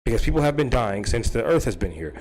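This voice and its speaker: A man's voice: medium pitch, sing-song, fast, a little mellow. A man hosting a stream, rambling through a casual comedic rant, swearing freely and laughing at his own jokes. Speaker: stream host.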